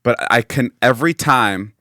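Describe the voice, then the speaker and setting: A man's voice: mid-range voice, moderate pace, sharp tone. A young man from the Chicago suburbs, co-hosting a podcast in casual, joking, self-mocking chat with many restarts. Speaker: podcast co-host.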